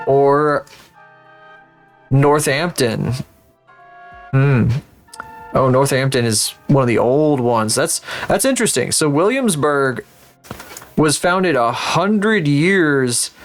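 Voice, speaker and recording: A man commentates his own game on a live stream, rambling from thought to thought and swearing easily. His voice sits in an ordinary middle register. Faint music plays underneath. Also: mid-range voice. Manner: rambling, swearing, thinking aloud. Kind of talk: casual livestream commentary while playing a geography game.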